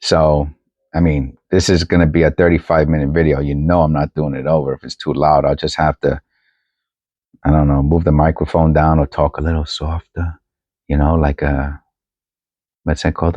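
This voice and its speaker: A man with a darkish bass voice, a coin-collecting vlogger, sorts coins at home while chatting loosely and thinking aloud with plenty of restarts. His new desk microphone produces a dry, lo-fi recording.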